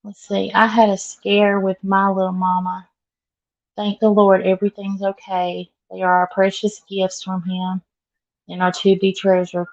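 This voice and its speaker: Slow-talking Southern woman vlogger. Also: medium pitch, monotone, muffled recording. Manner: chatty, laughs often, greets viewers by name. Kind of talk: casual chat with live viewers.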